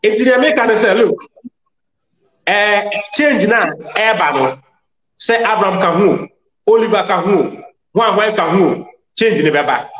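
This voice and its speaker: Man laying out an argument step by step, high voice, roomy echo. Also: animated, unhurried, fairly bright tone. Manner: explanatory, argues point by point. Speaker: discussion participant. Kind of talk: casual discussion in Twi mixed with English.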